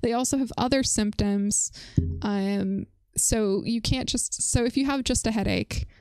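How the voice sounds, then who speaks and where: A chatty woman streams from a dry, close-sounding setup, her fairly high voice running through casual talk with her viewers. She laughs often and answers chat messages as they come in. Her tone stays loose and unscripted. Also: unhurried, a little mellow, smooth, no echo. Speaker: livestream host.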